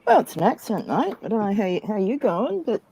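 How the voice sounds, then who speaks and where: A woman's voice: mid-range voice, big pitch swings, a little fast, vocal fry, crowd noise, rough recording. A woman with an Australian accent joining a live stream, bantering bawdily and swearing. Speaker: stream guest. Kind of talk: casual live-stream chat.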